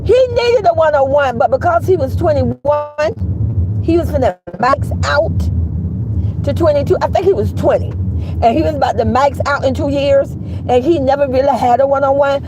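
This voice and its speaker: A woman telling a story in casual, animated vlog style, cursing freely and calling her listeners girl and baby. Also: high-pitched, normal speed, noisy background.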